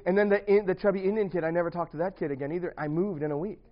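A young man with a slightly high voice tells a rambling story to a few friends, laughing often and restarting his sentences. The recording is muffled and lo-fi, with the top end dulled. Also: steady tone, racing. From grew up partly in the US Midwest. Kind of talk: casual storytelling to a small group.

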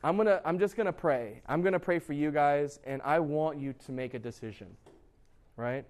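A man's voice: on the high side, moderate pace, darkish tone. A young man preaching a sermon as youth pastor, casual and joking, with lots of fillers and restarts.

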